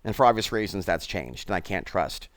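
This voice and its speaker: A man's voice: sits low, expressive, a little fast, no echo. A man hosting his own channel, talking bluntly and digressively straight to his viewers. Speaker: channel host. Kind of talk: rambling commentary.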